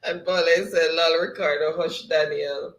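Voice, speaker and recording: A man hosts a casual livestream sign-off, reading viewers' comments aloud and laughing often as he drifts into patois. His voice sits high for a man. The sound bounces around an echoey room. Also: steady tone, moderate pace, a bit bright. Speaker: livestream host. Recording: roomy echo.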